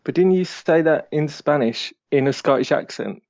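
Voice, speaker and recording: A man's voice: on the high side, expressive, normal speed, creaky, darkish tone. A man, a guest on a casual podcast, amused and teasing. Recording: dull lo-fi podcast mic.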